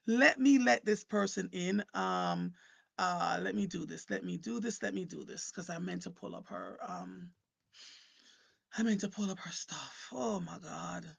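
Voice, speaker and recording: With a gravelly, slightly rough voice in the mid range, a woman hosts a live online talk show and chats casually with viewers and guests. She is animated and conversational, often repeating words as a thought begins.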